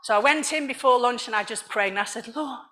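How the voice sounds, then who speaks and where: A middle-aged woman from Liverpool, giving an animated sermon with personal testimony and frequent laughs. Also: on the high side, fast. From Liverpool, England. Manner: animated storytelling, laughs often. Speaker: church speaker.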